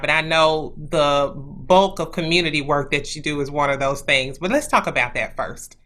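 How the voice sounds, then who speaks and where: A woman's voice: deep voice, pushed and bright. A woman hosting an interview, asking loose, supportive questions with fillers. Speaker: talk show host. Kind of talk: interview conversation.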